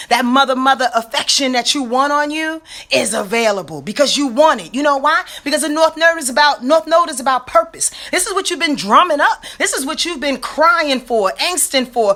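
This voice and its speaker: A woman astrologer giving a casual weekly rundown, slangy and animated, talking straight to her listeners. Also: high voice.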